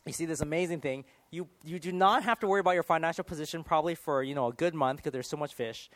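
A man preaching a sermon in an earnest, animated way, sometimes dropping to a hushed near-whisper. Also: on the high side, quick pace, dry recording.

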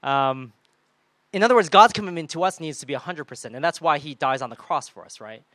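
A man preaching a sermon in a lively way, often acting out the people and voices he quotes. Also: a little high, brisk, no echo. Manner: animated, acts out quoted voices.

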